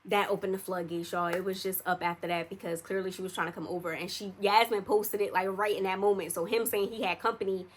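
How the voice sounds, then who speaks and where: A woman's voice: medium pitch, fairly even intonation, fast, hardly any pauses. Chatty young woman telling a story. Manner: chatty, addresses viewers directly, slangy. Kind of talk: casual storytime monologue.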